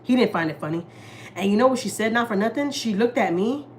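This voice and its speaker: In her home kitchen, a young family vlogger from Houston, Texas, talks candidly to viewers about her family in a fairly high, expressive voice at a quick pace. She swears freely and acts out what people said to her in dialogue. The recording carries a little hiss or hum.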